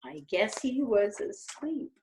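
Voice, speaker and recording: Animated woman reading to children. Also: medium pitch, takes it slowly, slight background noise. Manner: animated, asks the listening children questions. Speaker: children's storyteller. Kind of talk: reading a picture book aloud to children.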